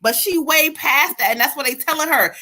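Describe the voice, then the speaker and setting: A woman co-hosts a livestream where she gives spiritual readings, speaking fairly quickly in a bright, slightly high voice. She talks emphatically, curses freely and addresses viewers as "y'all" and "child."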